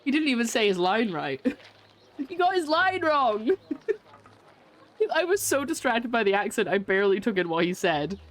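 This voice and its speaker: A woman with an expressive, mid-range voice talks at normal speed while streaming a video game. Her casual let's-play commentary is chatty and giggly, and she often pokes fun at herself.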